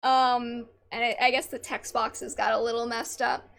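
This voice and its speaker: A woman's voice: a little high, little pitch movement, normal speed, gravelly, a bit bright. A woman streaming a game, reacting with casual, incredulous commentary and swearing.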